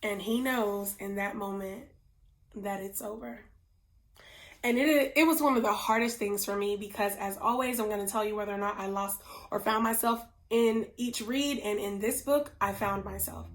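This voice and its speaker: A woman giving a casual book review, telling it in an earnest, personal way with quick asides. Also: medium pitch.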